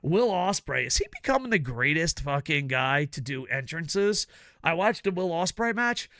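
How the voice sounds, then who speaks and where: Gravelly, bright-voiced man ranting profanely. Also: on the high side, very animated, normal speed, no echo, clean studio sound. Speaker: wrestling reviewer and show host. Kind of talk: ranting casual video review.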